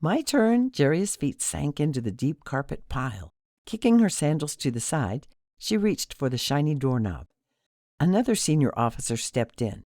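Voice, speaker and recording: A man narrating an audiobook in an expressive storytelling manner, on a close studio mic. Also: medium pitch, no room sound. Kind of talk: scripted narration.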